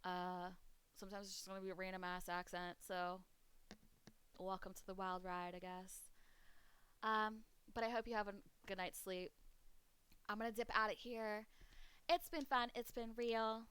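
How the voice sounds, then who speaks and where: A woman's voice: medium pitch, level tone, moderate pace, pauses often, pushed and bright, smooth. A young woman streaming from her home computer, rambling casually to her chat and swearing now and then. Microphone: desk mic at a home computer setup.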